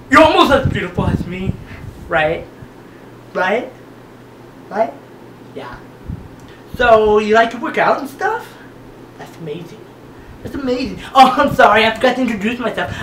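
A man's voice: very high voice, lively intonation, unhurried, long pauses, pushed and bright, exaggerated voice. A man doing a vain flirty gym guy. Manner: smug, flirtatious, self-admiring. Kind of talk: sketch comedy audition. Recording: echoey room, far camera, background noise.

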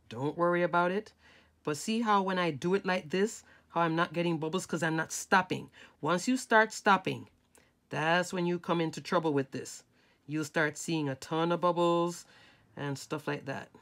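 A woman hosting a craft tutorial, talking casually and instructively while she works step by step with her hands. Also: lowish voice. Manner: chatty, instructive, talks while working with hands.

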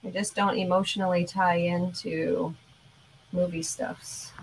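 A woman hosting a casual chat, talking in a relaxed way and reading out viewer comments. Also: lowish voice, a little slow, creaky, a little hiss or hum, low-quality recording. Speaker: host.

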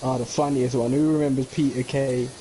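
A young man chats as a streamer over a game, rambling from one joke to the next. His voice is mellow and relaxed at a middle pitch. A faint hiss sits under the recording. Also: brisk, rough recording. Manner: rambling, jokey, slips into mock accents. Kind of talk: casual chat while gaming.

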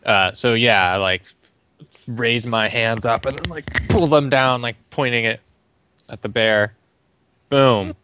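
A man's voice: medium pitch, unhurried, noisy background. A man playing a tabletop game, talking casually with many fillers. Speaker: player.

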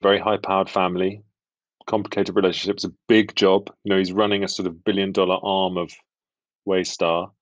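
A man's voice: deep voice, flat delivery, brisk, no room sound, highs cut off. A middle-aged British man with a British accent, an actor chatting as an interview guest in a wry, self-deprecating way. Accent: British English. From England. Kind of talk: relaxed interview chat.

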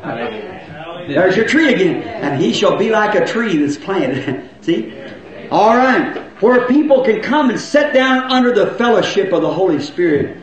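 A man preaching a folksy sermon, swinging between loud shouts and low asides. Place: church. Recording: echoey, muffled old church recording.

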